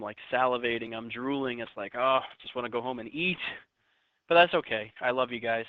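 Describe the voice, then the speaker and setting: A man's voice: mid-range voice, no echo. A chatty man teaching a math lesson, tossing in jokey asides to his students as he works. The sound is thin and phone-like, and the recording is dry and close with no room sound.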